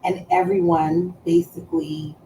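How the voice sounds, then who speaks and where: A woman's voice: fairly low pitch, little pitch movement, unhurried, warm tone, a little hiss or hum, low-quality recording. A woman streaming live, chatting casually in a profane, teasing way and drawing out words for emphasis.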